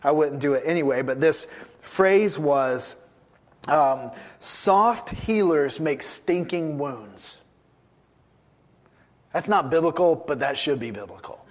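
An emphatic male pastor delivers a sermon and drives his points home by repeating key phrases. His voice sits a little higher than most men's.

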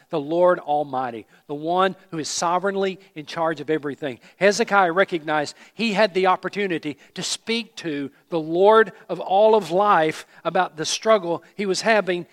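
A man preaching a sermon as pastor, earnest, rising to emphatic peaks and falling to hushed phrase endings. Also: a little high. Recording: hall reverb.

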